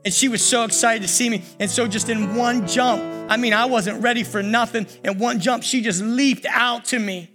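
Older preacher over soft worship piano. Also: male voice, extremely high pitch, fairly even intonation. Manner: preaching with many pauses, repeating "church". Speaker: pastor. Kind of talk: sermon. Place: church sanctuary. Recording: worship music under the voice. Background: soft piano and keyboard.

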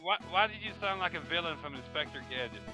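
Wry, slightly high man. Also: animated, fast, music in the background, poor audio. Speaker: podcast co-host. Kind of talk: casual group chat.

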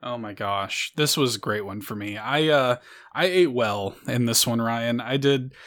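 A man hosting a casual live-stream chat, talking excitedly and rambling. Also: medium pitch, unhurried. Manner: excited, rambling, self-correcting. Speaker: podcast host.

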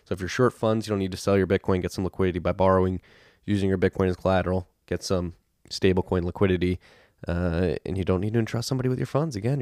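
Deep and darkish in tone, a man hosting a podcast reads sponsor spots in a loose, offhand way, spelling out web addresses. The recording is dry, with clean studio sound.

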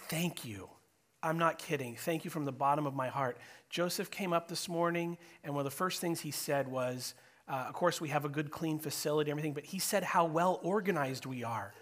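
A man preaching an informal, chatty sermon to his congregation as their pastor, joking and animated. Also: on the high side, a little fast. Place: church sanctuary.

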